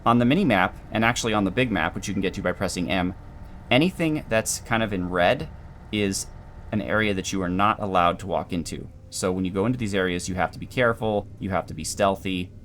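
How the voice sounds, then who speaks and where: A man giving calm, dry, explanatory commentary while playing a video game. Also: low-pitched, fairly quick, a little hiss or hum. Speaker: gameplay commentator. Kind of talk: let's play commentary.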